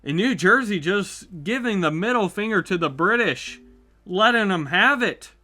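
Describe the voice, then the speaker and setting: A man's voice: high-pitched, moderate pace, soft background music. A man hosting his channel, giving chatty, upbeat play-by-play commentary on a map simulation. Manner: upbeat, chatty, reacts with excitement. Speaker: YouTube host.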